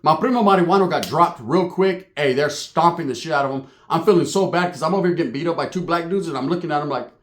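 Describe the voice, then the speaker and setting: A man from Northern California telling a profane, comedic street story in a slangy, animated way, with acted-out sound effects. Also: fairly high pitch, fast, few pauses.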